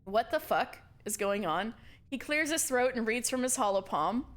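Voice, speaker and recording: A young woman streamer reading a story game aloud in a slow, theatrical way, breaking off for swearing asides. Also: on the high side, animated, a bit bright. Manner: reads dialogue slowly and dramatically, swears and laughs in asides. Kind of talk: reading a visual novel game aloud with commentary.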